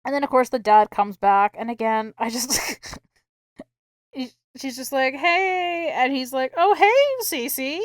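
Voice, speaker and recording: Young woman podcast co-host, animated storyteller who acts out scenes, dry close sound. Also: on the high side, unhurried, no echo. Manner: animated, swearing, acting out characters' lines. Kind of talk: casual movie recap chat.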